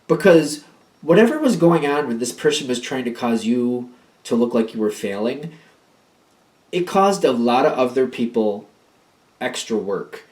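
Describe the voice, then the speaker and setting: A man's voice: medium pitch, big pitch swings, measured pace, darkish tone. A man giving a casual tarot reading in a rambling, repetitive, emphatic way. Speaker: tarot card reader.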